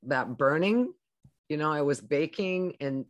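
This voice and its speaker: A woman's voice: deep voice, animated, measured pace, dry recording. A woman co-hosting a podcast who tells anecdotes in casual chat and quotes what she said to her child. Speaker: podcast co-host.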